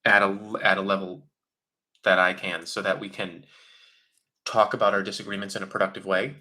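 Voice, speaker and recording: Speaking a little fast with a low, flat, pushed and bright voice, a man hosts a live question-and-answer stream. He answers chat casually with strong opinions, mocks other people in quotes, and uses frequent fillers.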